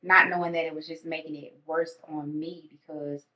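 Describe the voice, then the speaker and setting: A woman's voice: low voice, little pitch movement, normal speed, bright, forceful tone. A woman telling personal stories in casual conversation, acting out her own inner thoughts. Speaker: podcast guest. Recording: echoey dull room sound.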